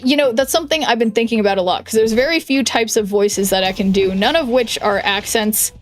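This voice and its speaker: A young woman streaming a card game, thinking aloud in a chatty way with lots of "like"s and quick restarts. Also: on the high side. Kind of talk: casual stream chat while playing a card game.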